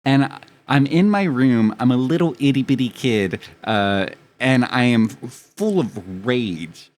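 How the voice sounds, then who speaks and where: A young man chatting casually with his live stream audience, telling rambling, profane, self-mocking stories. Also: mid-range voice.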